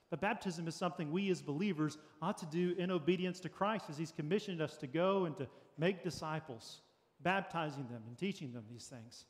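A man's voice: on the high side, in a large hall. A man preaching a sermon as pastor, earnest and practical, with light jokes for the congregation. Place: church sanctuary.

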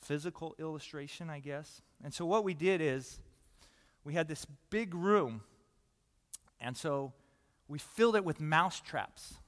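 A man preaching a sermon in a church hall, conversational and animated, dropping to a soft hush and rising loud again. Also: fairly high pitch, unhurried. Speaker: pastor. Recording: long reverb of a large hall.

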